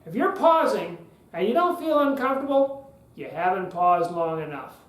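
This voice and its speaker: A man hosting a public speaking podcast, talking emphatically, repeating key phrases and leaving long pauses. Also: sits high, big pitch swings. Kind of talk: instructional podcast talk. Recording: roomy echo.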